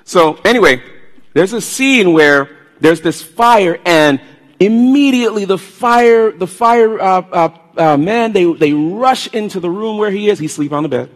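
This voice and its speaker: A man preaching a sermon, telling stories in an animated way and swinging from loud bursts to hushed tones. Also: sits high, a little slow. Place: church sanctuary. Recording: long hall reverb.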